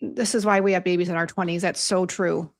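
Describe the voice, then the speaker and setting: Woman, middle-aged, casual livestream chat, home office desk, chatty, flustered, gravelly. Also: on the low side, steady tone, a little fast. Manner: chatty, easily flustered, talks to viewers directly. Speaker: skincare formulator hosting a live show.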